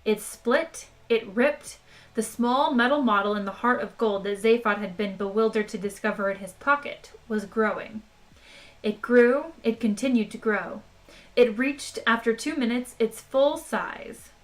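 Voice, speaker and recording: A woman reading a novel aloud for a live stream audience, chatting casually between chapters. Her manner is relaxed and talky, and her voice sits somewhat high. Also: a little slow. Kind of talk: read-aloud narration and casual chat.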